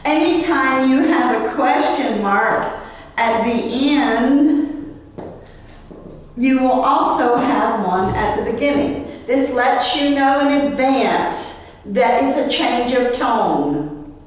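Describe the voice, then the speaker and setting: Slow, echoey woman teaching a class. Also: fairly high pitch, expressive. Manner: patient, repeats words for the class to echo. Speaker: Spanish teacher. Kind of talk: classroom language lesson. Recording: echoey room, mic far off.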